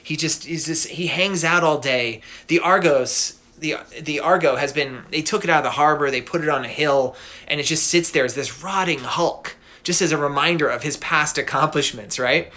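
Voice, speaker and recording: Animated, bright-voiced male storyteller. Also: on the high side, moderate pace. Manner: animated, slangy, laughing asides. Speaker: podcast host, storyteller. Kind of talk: casual myth storytelling.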